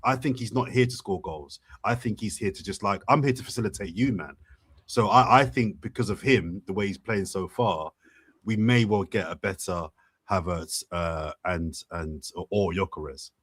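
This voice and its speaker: A man's voice: sits low, normal speed, fairly bright tone, slightly rough. A man co-hosting a casual football podcast over a remote call, giving emphatic opinions and weighing them aloud. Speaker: podcast co-host.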